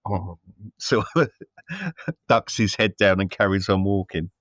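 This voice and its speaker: A man's voice: low-pitched, steady tone, unhurried, fairly bright tone, dry recording, muffled recording. A man co-hosting a casual film review chat, rambling with many fillers and restarts. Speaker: podcast co-host.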